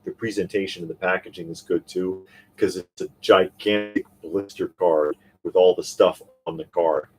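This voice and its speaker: A man's voice: deep voice, fairly even intonation, moderate pace. A man co-hosting a live toy and pop culture stream, chatting casually, reading viewer comments and ranting with plenty of fillers and restarts. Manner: opinionated, rambling with fillers and restarts. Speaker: co-host of a live toy talk show.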